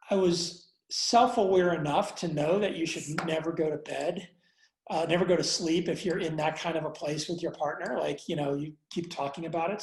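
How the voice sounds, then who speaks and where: A man interviewed as a guest, telling a personal story candidly with many pauses, fillers and restarts, and some blunt swearing. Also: fairly high pitch, reverberant, rough recording. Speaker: interview guest, entrepreneur and investor.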